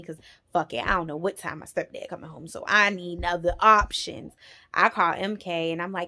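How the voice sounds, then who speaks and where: Young woman vlogger, emphatic casual storytelling, mid pitch. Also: normal speed. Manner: animated, emphatic storytelling with profanity. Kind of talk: storytime vlog.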